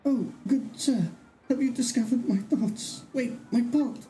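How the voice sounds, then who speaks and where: A streamer doing a squeaky, sheepish stew thief. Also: a little slow, mellow, soft background music, lightly acted. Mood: eager. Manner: high, sing-song and apologetic. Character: guilty, gushing male stew thief. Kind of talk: voicing game dialogue on a livestream.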